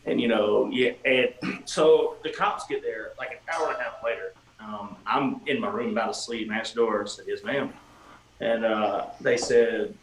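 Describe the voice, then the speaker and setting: Animated man telling a story, echoey room. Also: lowish voice, normal speed. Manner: animated storyteller, swearing, acting out quotes. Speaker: guest musician. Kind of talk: casual storytelling on a livestream. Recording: echoey room with faint ambient noise.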